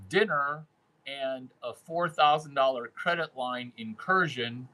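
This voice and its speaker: A man's voice: medium pitch, lively intonation, takes it slowly, pushed and bright, rough recording. A man hosting a casual monologue, brash and crude, who repeats phrases for emphasis. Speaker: host giving dating and sales advice.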